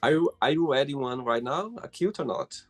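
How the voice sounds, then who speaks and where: A man hosting a casual interview, teasing his guest and asking halting questions. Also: mid-range voice, lively intonation, soft background music. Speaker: interview host. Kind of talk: casual interview over a call.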